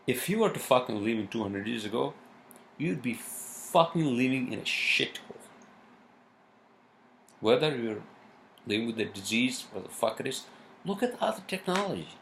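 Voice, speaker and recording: A man's voice: medium pitch, normal speed, vocal fry, pauses often, a bit bright, a little hiss or hum. A man ranting in a solo vlog, worked up and swearing constantly, with many fillers and restarts. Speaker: vlogger. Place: New York home.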